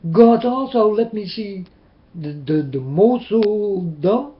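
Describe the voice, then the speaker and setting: Urgent high-voiced man preaching to webcam. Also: expressive, slow. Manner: urgent, repeating, pleading with listeners. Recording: roomy, dull webcam audio.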